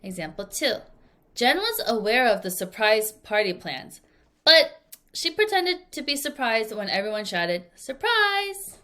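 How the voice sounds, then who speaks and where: A woman teaching an English vocabulary lesson, drilling words clearly with repeat-after-me prompts and acting out examples playfully. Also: a little high, very animated, measured pace, bright, forceful tone. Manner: playful, acts out example sentences. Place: language school in Korea.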